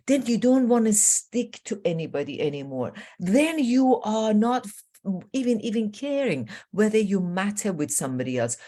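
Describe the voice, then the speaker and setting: A middle-aged woman coach telling stories as an interview guest, animated and earnest with quick asides. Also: mid-range voice. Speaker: transformational coach.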